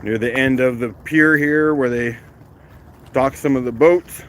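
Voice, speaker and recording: A man hosting a casual live stream outdoors on a rocky shoreline, chatting, greeting viewers by name and laughing easily, recorded on a phone held in one hand, his voice a little rough from the morning. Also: medium pitch, steady tone, measured pace, slight background noise. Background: faint outdoor waterside ambience.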